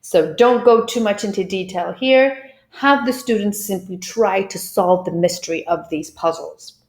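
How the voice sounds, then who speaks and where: A woman teaching English pronunciation, explaining clearly and drilling words by repeating them. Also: medium pitch, a little slow. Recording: roomy echo.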